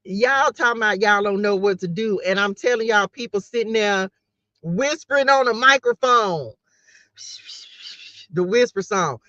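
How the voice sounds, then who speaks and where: A woman's voice: mid-range voice, moderate pace, pushed and bright, dry recording, muffled recording. A woman tarot reader giving a casual motivational talk to her viewers, playful and slangy, laughing often.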